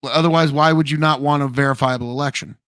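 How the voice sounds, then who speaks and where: A man's voice: fairly high pitch, steady tone, fast, a bit bright, no room sound. A male debate show host arguing in a combative, sarcastic way.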